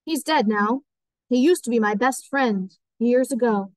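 A woman's voice: fairly high pitch, measured pace, dry recording, natural voice. Woman reading as a genial rich young man. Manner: genial, says "old sport" often. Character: wealthy charming young man, eager host.

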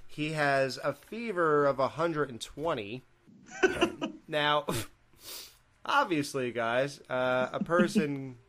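A podcast co-host talks through a sitcom episode in a loose, rambling way. He laughs often, speaks casually to his listeners, and his voice sits at an average male pitch. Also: a bit bright.

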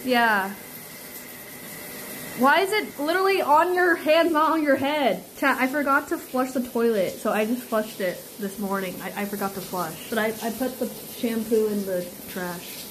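A woman's voice: on the high side, moderate pace, a bit bright, a little hiss or hum, low-quality recording. A woman streaming live, chatting and giggling while giving step-by-step directions. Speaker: streamer host. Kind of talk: casual live-stream chat.

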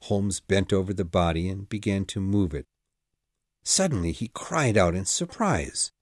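A man narrating an audiobook in a dramatic, measured storytelling manner. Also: low voice, expressive, no room sound, studio quality. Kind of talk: scripted narration.

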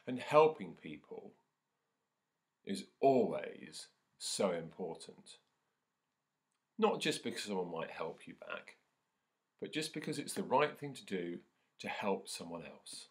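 A man with a fairly low voice leads a school assembly for children. He talks gently with many ums and uhs, then reads a story with more life. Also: slow. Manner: gentle, hesitant with fillers, animated when reading. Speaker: school teacher leading assembly.

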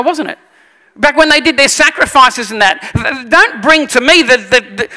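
A man preaching a sermon, telling animated stories and acting out the voices. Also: extremely high pitch, moderate pace, big-room sound. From Australia. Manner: animated storytelling, acts out voices. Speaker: pastor.

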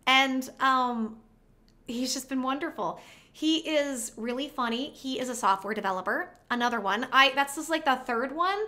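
High bright-voiced woman rambling a story to her camera at home, self-deprecating and chatty. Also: moderate pace. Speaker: vlogger. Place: home recording setup.

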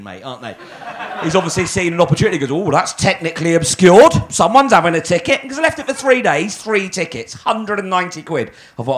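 Sweary stand-up comic, animated. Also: male voice, high-pitched. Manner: exasperated, sweary storytelling. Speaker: stand-up comedian. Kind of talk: stand-up routine. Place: live comedy club stage.

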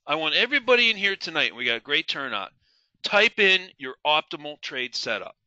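A man's voice: fairly high pitch, big pitch swings, brisk, bright, forceful tone, no echo, highs cut off. A middle-aged man teaching a live trading webinar, asking the audience questions and repeating key words for emphasis. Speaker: trading instructor.

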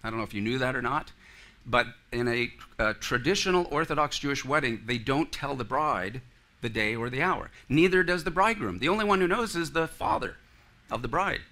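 Male pastor, mid pitch, very bright tone, earnest sermon style with congregation asides. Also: expressive, brisk. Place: church sanctuary.

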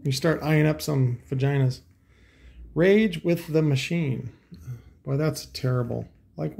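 A man's voice: mid-range voice, vocal fry, warm tone. A man hosting a casual commentary, talking in a sarcastic, profane, rambling way full of asides. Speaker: host.

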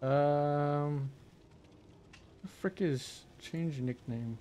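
A man's voice: a little high, drawn-out words, a little hiss or hum. A man hosting a livestream, calling out plays and joking casually with friends and viewers. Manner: excited, urgent callouts during play; laid-back, joking with chat between rounds. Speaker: livestream host playing a game. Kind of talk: casual gaming chat.

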